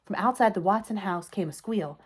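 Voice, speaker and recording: A woman telling a children's story aloud in a clear, expressive way. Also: mid-range voice, a little fast. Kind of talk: children's book read-aloud.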